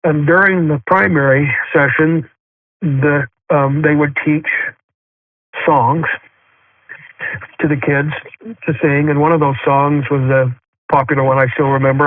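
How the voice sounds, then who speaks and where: An earnest middle-aged man recounts his story in a fairly high voice, pausing often and restarting his sentences. The sound is thin and tinny like a phone call, with no room sound around him. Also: little pitch movement, dry recording. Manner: halting, with frequent fillers and restarts; earnest and heartfelt. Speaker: guest sharing a spiritual experience. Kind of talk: personal storytelling. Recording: tinny dry phone line.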